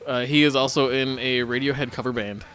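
A young man co-hosting a podcast, chatting in a relaxed, joking way with lots of fillers. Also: medium pitch, a little fast, faint music behind. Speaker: podcast co-host. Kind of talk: casual chat.

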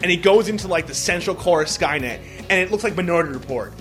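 A man in casual podcast chat, reviewing a film in a rambling, excitable way, swearing heavily and full of filler words. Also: sits high, fast, soft background music. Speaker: podcast co-host reviewing a movie.

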